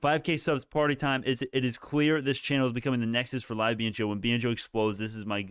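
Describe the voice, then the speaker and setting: A man hosts a live market stream, talking through price moves as they happen. He rambles, restarts sentences and swears casually. His voice is smooth and clear, with a dry, close sound and no room echo. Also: mid-range voice, little pitch movement, quick pace. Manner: rambling, self-correcting, profane. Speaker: livestream stock market host.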